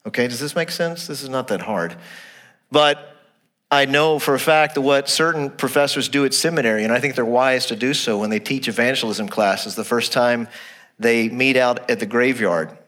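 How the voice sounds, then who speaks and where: A man preaching a sermon to his congregation in a church. He is animated, asks rhetorical questions and repeats his phrases. He drops to a low, quiet voice to stress a point. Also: normal speed. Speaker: pastor.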